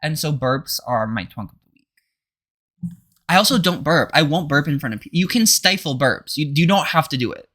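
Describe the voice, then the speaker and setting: Bright, camp young man telling stories. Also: a little high, fairly quick. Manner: camp, animated storytelling with acted quotes. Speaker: podcast co-host. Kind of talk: casual comedic chat.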